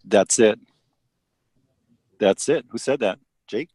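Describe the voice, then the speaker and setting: A man's voice: on the low side, slow, a little mellow, breathy edge, no room sound. A man leading his team, talking directly and asking the group questions. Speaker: team leader. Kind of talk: coaching a team in a meeting.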